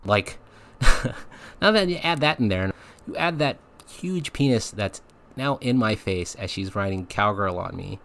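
Rambling, low-voiced man telling a story. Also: lively intonation, measured pace, creaky, a bit bright. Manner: rambling, filler-heavy, laughs often. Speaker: podcast host. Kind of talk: casual storytelling.

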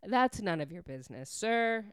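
A woman's voice: medium pitch, sing-song, moderate pace, clean tone, no room sound, studio quality, natural voice. Woman voicing an indignant, fed-up young woman. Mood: exasperated. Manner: indignant, exasperated. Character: fed-up young woman on her worst day.

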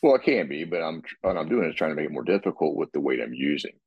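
A man with a very deep, husky voice explains his workout in casual podcast talk. He rambles and restarts, and he often clears his throat. The sound is dry and muffled. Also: lively intonation, fast talker, no echo. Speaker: guest describing his workout.

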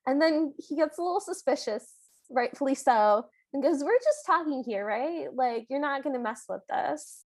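A woman with a high-pitched, animated voice co-hosts a casual podcast, retelling movie scenes at normal speed in a chatty, amused way. There's no room sound.

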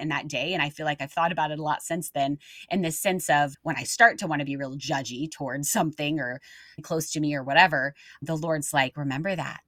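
Young woman on a faith podcast, kinda low voice, earnest storyteller, dry close mic. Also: a bit bright, no echo. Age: young adult. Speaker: podcast co-host. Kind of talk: casual faith podcast chat.

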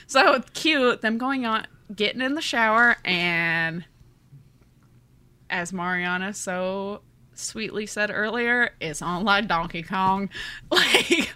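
Bright, chatty woman host gushing over a book recap. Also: medium pitch, takes it slowly, smooth. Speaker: podcast host. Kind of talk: casual book chat.

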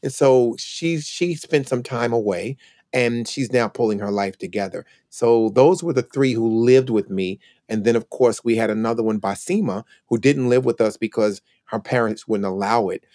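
A man's voice: mid-range voice, normal speed, mellow, dry recording, clean studio sound. A man in his sixties, a retired police officer, telling personal stories as a podcast guest in a reflective way. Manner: reflective, acts out quoted family members. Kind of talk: storytelling interview talk.

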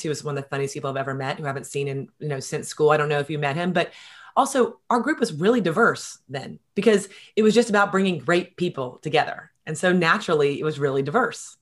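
A middle-aged woman telling stories in a casual interview, animated and quick, with many fillers. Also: low-pitched. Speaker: guest.

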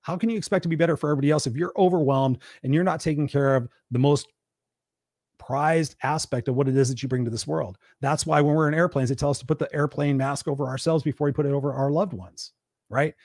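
A man's voice: fast talker, creaky, darkish tone, no echo, clean studio sound. Emphatic man giving a motivational pep talk. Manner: preachy, emphatic, asks and answers his own questions; acts out whiny quoted complaints in a high voice. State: tired and burned out. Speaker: host of a weekly live stream; parent. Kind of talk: motivational live-stream talk.

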